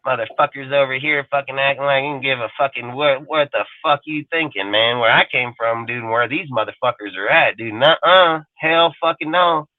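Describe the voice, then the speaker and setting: The live fan show host speaks fairly quickly in a mid-range voice with few pauses, heard over phone-quality sound without echo. His casual rant is aggressive and full of swearing, with mocking impressions of others.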